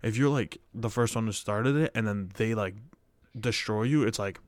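A man's voice: fairly low pitch, moderate pace, no echo. Heated, swearing young man, dry mic. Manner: heated, swears a lot, rising to loud outbursts. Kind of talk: casual chat.

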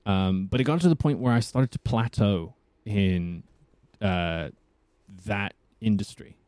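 A man's voice: on the low side, measured pace, a little mellow, no echo. A young man from South Africa, an actor, talking casually and rambling as an interview guest. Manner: rambling, thinks aloud.

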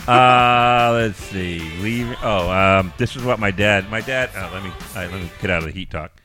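Very bright-voiced rambling podcast host, man. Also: fairly low pitch, moderate pace, faint music behind. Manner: rambling, laughs between stories. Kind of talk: casual chat.

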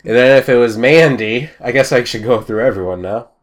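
A young man chatting casually on a podcast, rambling and joking, and acting out little shouted scenes. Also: mid-range voice, normal speed. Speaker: podcast host. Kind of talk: casual chat.

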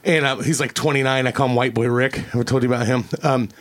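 A man's voice: mid-range voice, steady tone, quick pace, fairly bright tone. A man hosting a podcast in casual chat, rambling and swearing, often breaking into laughter. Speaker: podcast host. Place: small room around a table.

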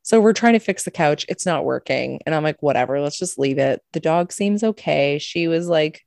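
Low-voiced woman telling a story. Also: moderate pace, vocal fry, no echo, clean studio sound. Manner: animated, swears a lot, acts out quotes. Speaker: podcast co-host. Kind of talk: casual storytelling chat.

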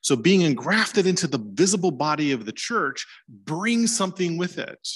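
A man's voice: on the high side, big pitch swings, moderate pace, husky. A man giving an informal lecture on church history, talking conversationally and chuckling now and then.

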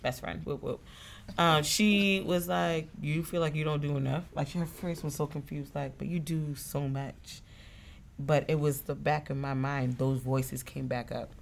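A woman from a Haitian family, telling personal stories in an animated way on a casual podcast. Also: low voice, a little slow, vocal fry, slight background noise. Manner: animated storytelling, expressive.

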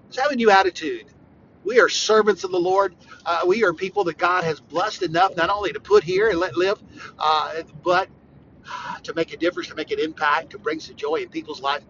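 A man preaching on a podcast, talking straight to the listener and hammering his points home again and again, with sudden loud bursts. His voice sits high, bright and sharp, and it swings widely up and down. The recording is dull and lo-fi, with a faint noise underneath. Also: expressive, a little fast. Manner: emphatic and repetitive, with sudden bursts of loud emphasis; conversational, talks straight to the listener. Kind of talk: informal devotional podcast talk.

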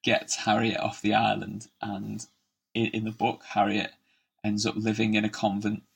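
A man's voice: fairly low pitch, completely flat delivery, normal speed, vocal fry, breathy edge. A laid-back man co-hosting a podcast, chatting casually, swearing freely and laughing easily. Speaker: podcast co-host. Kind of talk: casual chat.

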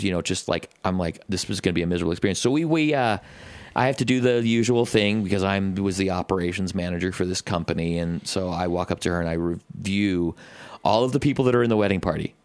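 Male co-host, low voice, rambling anecdotes, dry close sound. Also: no room sound. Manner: rambling storyteller, heavy fillers, swears freely. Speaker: podcast co-host, musician. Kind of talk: casual chat.

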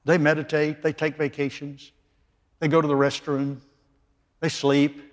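A man preaching a sermon, emphatic, dropping from loud declarations to hushed lines. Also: on the high side, little pitch movement, a little slow. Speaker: pastor. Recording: long reverb of a large hall.

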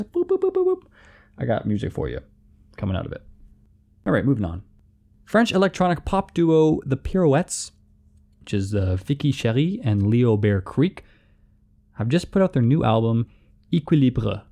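Brief: male music host, casual rambling commentary, lively swinging delivery, mellow gravelly tone. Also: medium pitch, fairly quick. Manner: rambling, playful, self-deprecating. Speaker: music show host and playlist curator.

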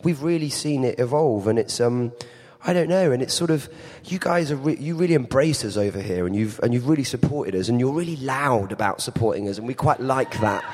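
A man's voice: medium pitch, a little fast. An English man in his thirties, a guest on a live podcast, chatting with lots of restarts and self-deprecating asides. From England. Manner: animated, self-deprecating, many restarts and fillers. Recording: live theater stage mic with hall reverb.

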